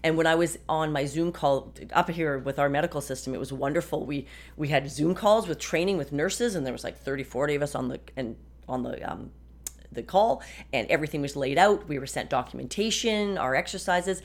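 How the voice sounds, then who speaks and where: A woman's voice: low-pitched, brisk. A woman in her fifties hosting a podcast from her desk at home, talking frankly and chattily with some wry sarcasm. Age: 50s. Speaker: podcast host. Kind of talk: casual personal monologue.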